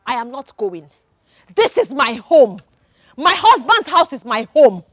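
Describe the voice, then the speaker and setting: A fiercely loyal Nigerian wife, her pitch soaring high and swinging wildly as she scolds. The sound is dull and dry, like plain film audio. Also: big pitch swings, measured pace, dry recording, full character voice. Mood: angry. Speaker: wife defending her husband. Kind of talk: film acting.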